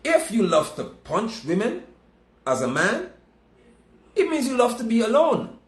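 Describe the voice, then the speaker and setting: A man's voice: very high-pitched, huge pitch swings, measured pace, roomy sound. A man preaching a sermon, emphatic and scolding, repeating his points.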